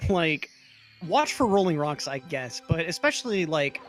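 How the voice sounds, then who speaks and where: A man giving casual play-by-play commentary on a speedrun race, friendly and quick to react to plays. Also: on the high side, sing-song, faint music behind.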